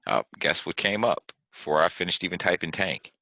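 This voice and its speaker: A man's voice: deep voice, fairly quick, gravelly, no room sound, lo-fi sound. A man hosting a podcast, chatting casually and telling stories with animation and frequent laughter. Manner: animated storytelling, laughs often. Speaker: podcast host. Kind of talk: casual chat.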